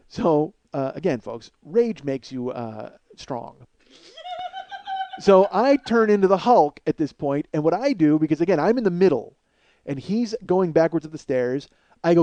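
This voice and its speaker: A man hosting a podcast, telling a profane comedic story to listeners in an animated monologue. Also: on the high side, moderate pace, no echo. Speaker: podcast host.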